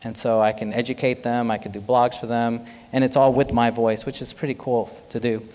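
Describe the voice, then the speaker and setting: Male physician, keynote speaker, casual and lively, roomy hall reverb. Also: mid-range voice, a little fast. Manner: animated, conversational, jokes with the audience. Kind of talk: conference keynote talk. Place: large hotel conference hall.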